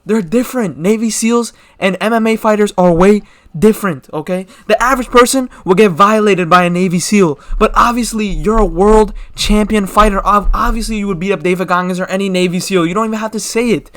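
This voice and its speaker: A man's voice: sits high, fairly quick, fairly bright tone, no room sound. A young man hosting his own channel, giving casual, slangy opinion commentary full of rhetorical questions. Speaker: MMA commentary channel host.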